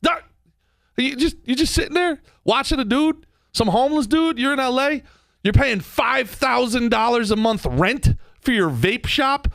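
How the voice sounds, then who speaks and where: A man hosting a podcast, ranting comedically with profanity and quick mock voices. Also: very high voice, creaky, no echo. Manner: animated, profane, jumps between impressions and mock voices. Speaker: podcast host. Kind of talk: comedic rant.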